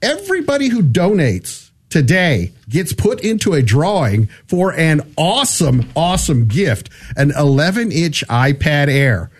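Lively, upbeat man asking for radio pledges. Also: on the high side, measured pace, hardly any pauses, slightly rough. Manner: energetic and enthusiastic, repeats the pledge phone number. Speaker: co-host of a Catholic radio pledge drive. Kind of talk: radio fundraising appeal.

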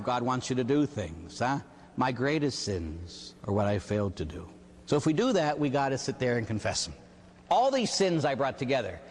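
An older man preaching as a priest, telling stories animatedly with frequent "huh?" asides. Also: mid-range voice. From Pittsburgh area. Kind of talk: sermon. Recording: long reverb of a large hall.

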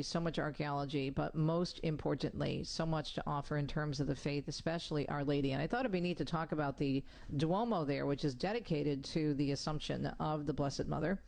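Enthusiastic gravelly-voiced author and tour host. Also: mid-range voice. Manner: enthusiastic, descriptive, warmly chatty. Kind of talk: radio talk segment, travel storytelling.

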